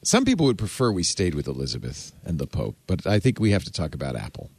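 A man hosting a casual tech podcast, animated and jokey, going soft and low when talking about something personal. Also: quick pace, husky, no room sound. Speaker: host.

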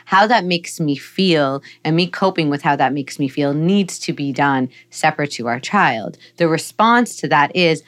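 A woman guest on a podcast, calmly explaining parenting ideas and modeling gentle phrases to use with a child. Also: deep voice, normal speed, few pauses. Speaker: psychologist guest. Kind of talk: podcast conversation, giving parenting advice.

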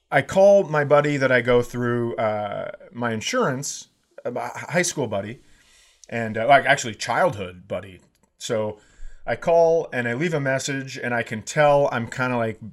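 Animated, swearing comedian in his fifties. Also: mid-range voice, normal speed. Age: 50s. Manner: animated, swears a lot, bursts into shouting. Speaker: podcast co-host. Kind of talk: comedic storytelling.

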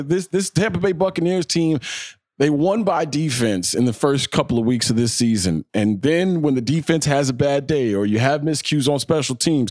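A man co-hosting a casual sports podcast in a mid-pitched voice. He talks in a loose, rambling way and keeps checking in with "right?" The recording is dry, with no room sound. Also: a little mellow, dry recording. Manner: loose and rambling, with tag questions. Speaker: podcast co-host.

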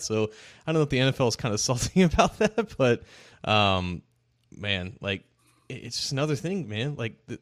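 A man co-hosting a sports talk show, animated, laughing often and restarting his sentences. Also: on the low side. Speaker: co-host.

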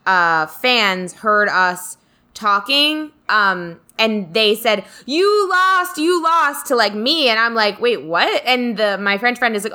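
A woman's voice: mid-range voice, pushed and bright. A young woman from the United States, co-hosting a podcast and telling a rambling story in casual chat. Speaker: podcast co-host.

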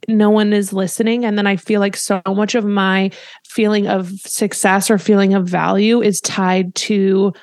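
Podcast co-host, woman, medium pitch, open and candid, dry close mic. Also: little pitch movement, moderate pace, a little mellow, no echo. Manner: open, confessional, lots of "like" fillers. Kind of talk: candid casual chat.

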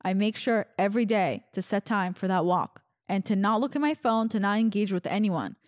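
A woman's voice: medium pitch, normal speed, no echo, clean studio sound. A young woman hosting her podcast, telling a personal story in a chatty, laughing way and acting out the lines of her friends. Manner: chatty, laughing, acts out quoted dialogue. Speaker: podcast host. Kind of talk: casual storytelling monologue.

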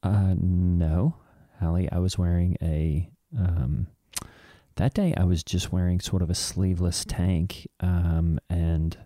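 A man plays a touchy megachurch dad with a Kiwi or Aussie accent, earnest and aggrieved, rambling through his complaints with restarts. His voice is very low and mellow. It sounds close and dry, with no room around it. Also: level tone, takes it slowly, no room sound. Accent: New Zealand or Australian. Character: touchy devout megachurch dad, easily offended. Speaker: podcast co-host. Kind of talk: improvised satirical character comedy.

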